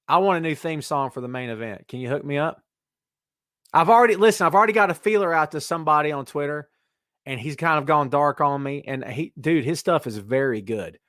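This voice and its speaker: A middle-aged man hosts a podcast in a rambling, jokey, animated way, talking straight to his co-hosts and listeners. His voice sits a bit high for a man. The sound is dry and close, with no room around it. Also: a little fast, no echo. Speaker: podcast host. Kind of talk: casual wrestling podcast chat.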